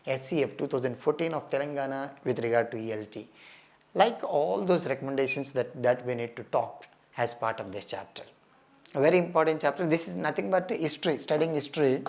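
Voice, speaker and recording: Earnest Indian man teaching English exam prep. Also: medium pitch. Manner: earnest, stresses key points, calls listeners "my friend". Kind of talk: exam coaching lecture.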